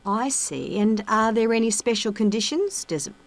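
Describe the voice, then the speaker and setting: A woman's voice: fairly high pitch, expressive, moderate pace. A woman playing a professor in a scripted exam listening recording, asking a student questions in an encouraging, curious way. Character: female professor advising a student.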